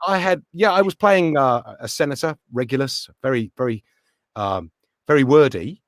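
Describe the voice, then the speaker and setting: A middle-aged actor and voice actor chats casually as an interview guest, telling animated anecdotes and acting out voices. His medium-pitched voice moves at a normal speed, recorded dry and at studio quality.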